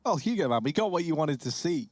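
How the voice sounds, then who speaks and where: A man casting live esports, animated in the play-by-play and joking with his co-caster. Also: on the high side, fast, no echo. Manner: animated, jokey banter. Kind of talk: live play-by-play commentary and banter.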